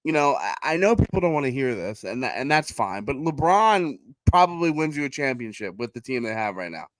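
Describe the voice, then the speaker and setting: A man's voice: mid-range voice, very animated, a little fast, fairly bright tone, no echo. A man with a Philadelphia accent co-hosting a sports podcast, blunt, sarcastic and profane in casual chat over a remote call. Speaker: podcast co-host.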